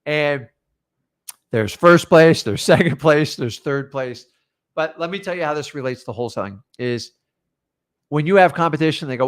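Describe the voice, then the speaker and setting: A man's voice: fairly high pitch, normal speed. A man coaching a class on real estate deals, talking in punchy, direct bursts and acting out sample lines with sellers. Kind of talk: live training talk.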